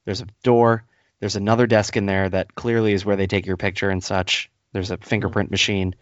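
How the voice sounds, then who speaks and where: A man co-hosting a podcast, telling an annoyed story in a casual rant and acting out the people in it with high put-on voices. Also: fairly quick, no room sound. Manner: animated storyteller, acts out others in high voices. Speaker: podcast co-host. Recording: dull lo-fi, dry sound.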